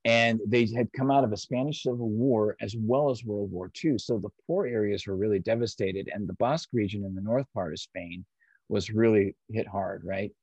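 A man's voice: fairly low pitch, moderate pace, darkish tone, slightly rough, no echo. A man speaking as an interview guest, explaining ideas patiently and step by step in a conversational way. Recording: dry, slightly dull audio.

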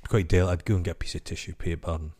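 Scottish man, low voice, wry stories. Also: steady tone, very fast, background noise. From Scotland. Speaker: podcast co-host. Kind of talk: casual comedic chat.

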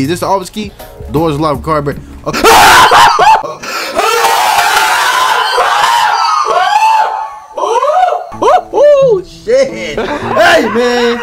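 A young man giving casual, slangy commentary while playing a horror game, jumpy and talking to himself. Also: sits high. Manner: jumpy, slangy, self-talking, bursts into startled shouts. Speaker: gaming YouTuber.

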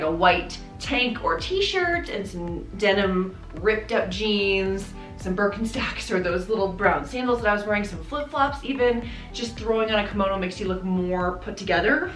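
A fashion vlogger in her thirties laughs often as she chats bubbly and casually about clothes in a try-on haul. Her voice is mid-range and a bit bright. The space is echoey, with faint music playing.

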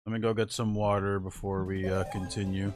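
A young man casually commentating a platform game on a livestream, slangy and profane, laughing often and yelling when he dies in the game. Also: fairly low pitch, level tone, brisk, soft background music. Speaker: streamer.

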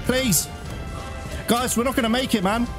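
A man's voice: very high voice, normal speed. A man giving frantic, swear-filled live gameplay commentary as a gaming channel host. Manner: excitable, swearing, nervous and frantic. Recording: loud game music behind. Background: loud game music.

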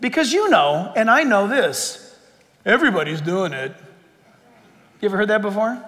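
A middle-aged male pastor preaching a sermon with passion, rising to shouts at the high points. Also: sing-song, moderate pace, in a large hall.

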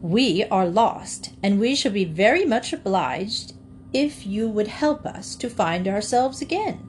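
A woman's voice: mid-range voice, unhurried, slight background noise, lightly acted. A woman voicing a sturdy, sensible female cow who leads the farm animals in a storybook reading. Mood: polite. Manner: firm, practical, calm.

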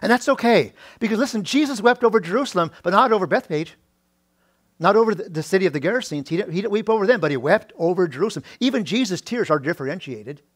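A middle-aged male pastor giving a sermon, often restarting his words and rising loud and high on key points. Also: expressive, fast, dry recording, studio quality. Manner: preaching with many restarts and repeated words; rises to a loud high pitch when stressing points.

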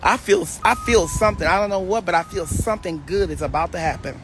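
A woman preacher on a live stream, praying in a slow chant and breaking into speaking in tongues. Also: on the low side, noisy background. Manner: slow, chanting, repetitive prayer with bursts of tongues. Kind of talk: livestream prayer and speaking in tongues.

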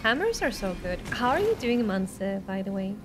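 A woman's voice: medium pitch, sing-song, moderate pace, background noise. A young woman from Sweden with a Swedish accent, chatting playfully and sarcastically while streaming a game, English not her first language. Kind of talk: live gameplay commentary.

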